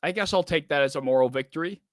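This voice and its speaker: A man's voice: on the high side, quick pace, no echo, clean studio sound. A man hosting a live sports reaction stream, rambling and swearing in frustration. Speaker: streamer host.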